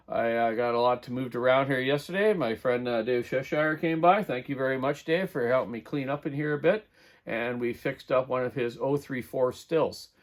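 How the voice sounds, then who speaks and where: A middle-aged man giving a casual hands-on repair demonstration in his workshop, rambling and correcting himself as he works. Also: mid-range voice. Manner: rambling, talks while working, self-correcting. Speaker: chainsaw repair host. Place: home workshop.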